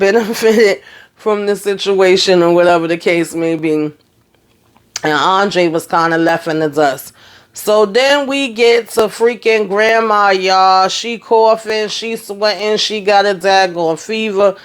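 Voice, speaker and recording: Male TV reviewer, slightly high voice, rambling animated storyteller, casual recap. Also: slow pace, clear, resonant tone. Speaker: TV show reviewer.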